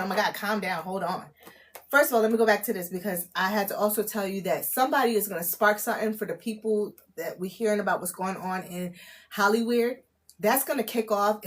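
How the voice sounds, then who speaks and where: A woman giving a live-streamed spiritual reading, excitable and casual, swearing, laughing at herself and often checking in with "okay?". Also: mid-range voice. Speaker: spiritual tarot reader. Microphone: phone or camera mic on a live stream.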